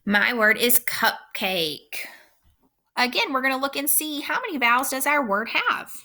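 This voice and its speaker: Teacher lady doing a kids phonics video, patient and slow, bright slightly high voice. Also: animated. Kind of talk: recorded phonics lesson for young children.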